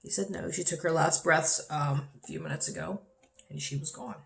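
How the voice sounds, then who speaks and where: Low-voiced woman telling a raw story. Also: normal speed, gravelly. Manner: candid, swears freely, voice rising when upset. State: dry mouth. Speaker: vlogger. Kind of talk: personal vlog, emotional storytelling.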